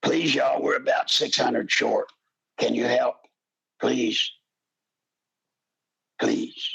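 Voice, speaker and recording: Speaking straight to his listeners like a seasoned host, an older man with a deeply gravelly, creaky, husky voice delivers a fervent, impassioned talk radio monologue that often climbs into pleading shouts. His intonation stays fairly even, his pace is a little slow, and the audio is poor.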